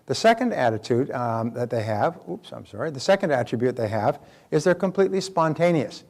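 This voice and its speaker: A man's voice: medium pitch, very animated, fairly quick, vocal fry, darkish tone. An older man, a motivational speaker, lecturing in an emphatic, repetitive way and telling anecdotes with acted-out quotes.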